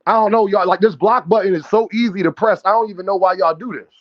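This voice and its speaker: A brash, trash-talking male streamer riffs on boxing and calls out his chat with a high-pitched, animated voice. His profane banter sits in dull, lo-fi stream audio. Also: fast talker. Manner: addresses chat directly, calls out viewers. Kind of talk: live-stream boxing commentary.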